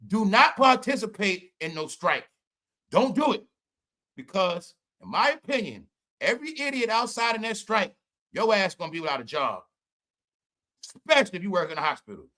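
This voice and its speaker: Laughing frequently, this man hosts a podcast livestream full of profane, mocking rants and casual commentary. He speaks in a high, pushed, bright voice.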